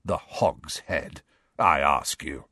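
A man's voice: on the low side, lively intonation, a little slow, fairly bright tone, dry recording, studio quality. A man reading an audiobook, voicing a sly, grinning adult male wizard who speaks in a wry, teasing way.

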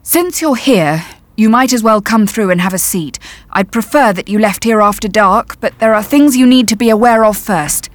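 A woman's voice: mid-range voice, normal speed, no room sound, lightly acted. A woman reading the part of a brusque, wary German father who speaks curtly and mutters. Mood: grave. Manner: curt, muttering.

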